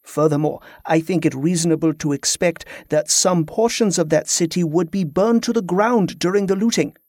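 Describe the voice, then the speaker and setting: A man voicing a formal, scholarly male pirate captain who speaks in a firm, measured way. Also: a little high, a little mellow, dry recording, clean studio sound, natural voice.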